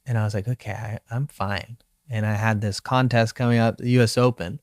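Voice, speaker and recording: A young man from Hawaii, a professional surfer, telling his story in a relaxed, reflective way in an interview, often acting out his own inner voice. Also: on the low side, fairly quick, no echo, clean studio sound.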